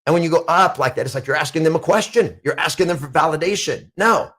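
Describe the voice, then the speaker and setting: A middle-aged man coaches real estate agents in an emphatic motivational talk, repeating declarations with mounting intensity. His voice is on the high side, a bit bright, and fast.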